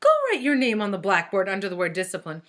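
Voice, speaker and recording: A woman voicing a brisk female teacher who scolds her class, in a storybook reading. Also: mid-range voice, expressive, a bit bright, lightly acted. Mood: stern.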